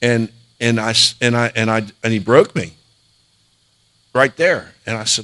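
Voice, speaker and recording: Middle-aged male pastor, mid-pitched, earnest storytelling sermon, halting restarts. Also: sharp tone.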